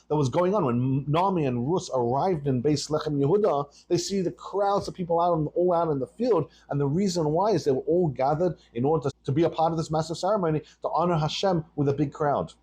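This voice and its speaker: A man, a rabbi, teaching a Torah lesson on a podcast and telling the story with lively call and response. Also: on the high side, breathy edge.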